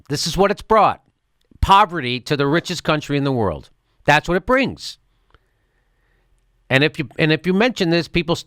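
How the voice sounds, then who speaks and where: A man's voice: a little high, fairly bright tone, no echo, clean studio sound. A man hosting a political commentary show, ranting heatedly with profanity. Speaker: host and comedian.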